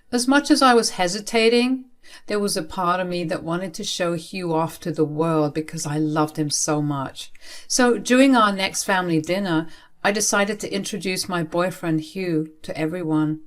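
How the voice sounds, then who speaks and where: A woman narrating a first-person story aloud in an expressive, emphatic way. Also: lowish voice, normal speed.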